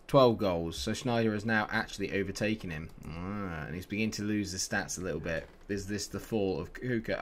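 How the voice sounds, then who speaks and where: Excitable man commentating a game. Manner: animated, swings from low muttering to loud excited shouting. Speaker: video game player. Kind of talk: live commentary over a football management game.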